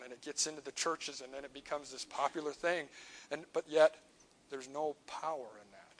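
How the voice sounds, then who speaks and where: Male preacher mid-sermon; bright, fairly high voice, earnest delivery that trails off soft at line ends. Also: low-quality recording. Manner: earnest, builds up then drops to a quiet close on key lines. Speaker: church preacher.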